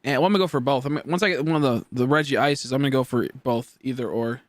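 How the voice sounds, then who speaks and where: A man's voice: mid-range voice, fast talker, no echo. A man in his twenties chatting casually on a game live stream, rambling and joking as he answers chat aloud. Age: 20s.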